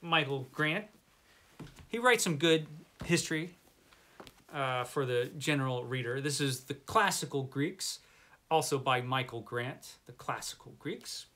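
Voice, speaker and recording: Bright-sounding guy rambling casually about his stuff, chatty and self-deprecating. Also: mid-range voice, animated, measured pace. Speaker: book channel host. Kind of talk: casual book tour vlog.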